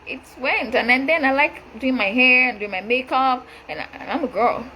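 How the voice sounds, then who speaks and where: A young adult woman hosting her show, delivering a forceful, preachy rebuttal straight to camera. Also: high voice, moderate pace, slight background noise, low-quality recording. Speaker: show host. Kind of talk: direct-address rebuttal monologue.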